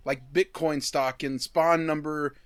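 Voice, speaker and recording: Guy ranting half joking, swears a lot, slightly high voice, dry close sound. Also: steady tone, unhurried, smooth, no echo. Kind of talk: casual chat.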